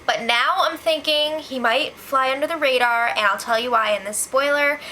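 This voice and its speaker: A young woman hosting a casual reality show spoiler recap, chatty and gossipy with quick asides. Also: high voice, bright, forceful tone, a little hiss or hum.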